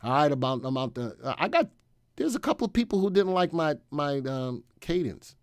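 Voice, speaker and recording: A man's voice: a little high, very animated, brisk, clear, resonant tone, no echo, studio quality. A middle-aged man hosting a stock analysis live stream, upbeat and joking as he chats with viewers. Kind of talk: casual live stream talk.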